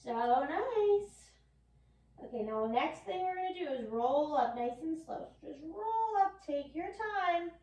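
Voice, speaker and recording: A bright, high-pitched woman with a New York accent leads a kids' yoga class with playful, encouraging cues. She sounds a little far from the mic, and her voice echoes around the room. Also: expressive, unhurried. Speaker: yoga teacher. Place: yoga studio.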